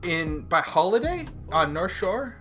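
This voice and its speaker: A young man hosting a podcast, telling a story in a loud, animated, profane way and acting out the people in it. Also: high voice, measured pace, faint music behind. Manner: animated, profane, acts out quotes. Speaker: podcast host. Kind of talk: casual storytelling chat.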